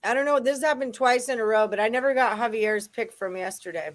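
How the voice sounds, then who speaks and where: A woman's voice: fairly high pitch, brisk. A woman hosting a casual sports betting show, talking in a playful, chatty way. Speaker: host.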